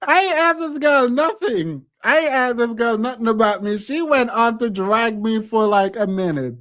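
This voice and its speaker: A man's voice: very high-pitched, moderate pace, fairly bright tone, dry recording, clean studio sound. A man hosting a live stream, telling a story in a casual chat and laughing often. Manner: laughs often, talks animatedly.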